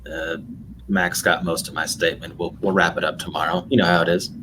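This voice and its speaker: A man's voice: low-pitched, little pitch movement, a little fast, noisy background. A man playing a tabletop game, speaking in character in a laid-back, easygoing way. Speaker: player.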